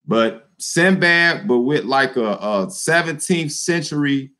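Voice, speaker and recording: A man hosting his own video channel, talking straight to his viewers in a joking, animated way. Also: on the high side, slow. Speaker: YouTube channel host addressing viewers. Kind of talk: casual vlog commentary.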